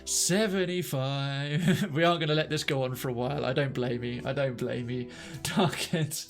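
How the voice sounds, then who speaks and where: A man streaming a video game live, chatting excitedly, often stammering and restarting his sentences, and quick to get startled. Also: medium pitch, creaky, soft background music. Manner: jumpy, startled easily, exclaims. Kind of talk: live let's-play commentary.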